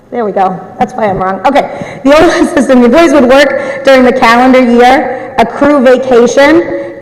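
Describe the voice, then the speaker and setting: Woman explaining slowly in an echoey hall. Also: a little high. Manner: careful, self-correcting explainer. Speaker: town manager. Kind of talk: explaining with slides. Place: large meeting hall. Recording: echoey hall with long reverb.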